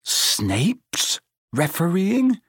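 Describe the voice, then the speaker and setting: Spluttery outraged teen boy, a man reading does him, high pitched. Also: big pitch swings, moderate pace, breathy edge, no room sound, clean studio sound. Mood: indignant. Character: spluttering indignant teenage boy.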